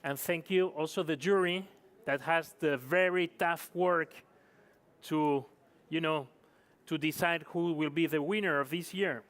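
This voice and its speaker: Male stage host for a live competition, a bit high-pitched, casual and self-correcting. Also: fairly even intonation, a little slow, a bit bright. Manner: chatty, apologetic, non-native phrasing. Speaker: event host. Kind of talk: live event hosting. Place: conference stage.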